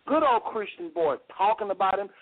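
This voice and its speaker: High-voiced man hosting call-in radio. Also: expressive, fairly quick. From United States. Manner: emphatic, repeats phrases, argumentative. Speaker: radio talk show host. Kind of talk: heated call-in radio talk. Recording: tinny phone-line radio audio.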